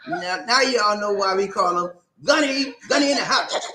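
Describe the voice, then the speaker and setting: A man hosting a live-stream talk show, reading viewer comments and calling out shout-outs in an animated, preacher-like way. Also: high-pitched, reverberant, noisy background.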